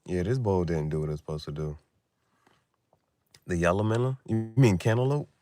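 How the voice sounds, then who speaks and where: A young man talking casually late at night in loose slang, laughing often and swinging between loud bursts and mumbles. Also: low voice, animated, normal speed, soft background music. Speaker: vlogger.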